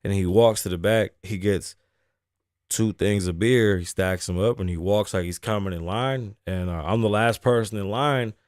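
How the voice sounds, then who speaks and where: Low-voiced man telling a profane story. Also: moderate pace, darkish tone, no room sound, clean studio sound. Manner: laughs often between lines. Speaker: host. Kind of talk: casual story time.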